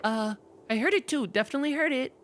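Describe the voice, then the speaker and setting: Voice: sits high, fast talker, a bit bright, voice pushed up. A streamer voicing a young, nervous boy who runs a newspaper kiosk, talking in a chirpy, chatty shopkeeper patter. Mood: offhand. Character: young male newspaper kiosk kid, nervous and money-minded.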